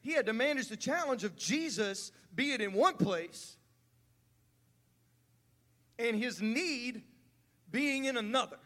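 A man preaching a sermon as pastor, building from calm teaching to fervent, rising delivery. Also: very high voice, takes it slowly, pauses often. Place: church sanctuary. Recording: church hall reverb.

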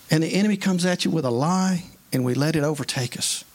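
A man's voice: on the high side, fast, hardly any pauses. A man preaching a sermon in an earnest, conversational way, mixing scripture with plain everyday stories.

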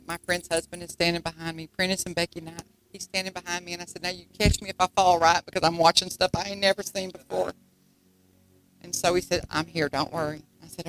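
A middle-aged woman, from Texas, telling her testimony in a sermon with shouts of praise. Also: on the low side, poor audio. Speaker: preacher giving testimony.

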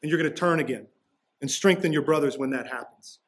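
A man's voice: on the high side, quick pace. A man preaching a sermon as pastor, walking through a passage in a casual, conversational way with slangy asides.

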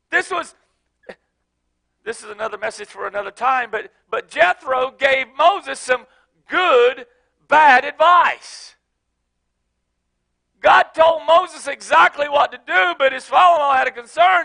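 A man preaching a sermon as pastor, moving from soft, chatty storytelling with repeated restarts to shouted exhortation. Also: very high-pitched, animated, unhurried, creaky.

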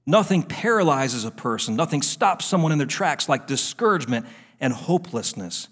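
Casting: male pastor, fervent sermon delivery, emphatic repetition, slightly high voice. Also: very animated, normal speed, husky. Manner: fervent, emphatic, repeating phrases for effect.

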